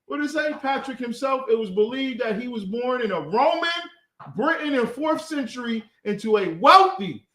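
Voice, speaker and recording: A man runs an informal scripture class, mocking what he reads with loose slang and a lively, sharply rising and falling delivery. His voice sits high and bright. The room around him is echoey. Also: moderate pace. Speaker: class leader.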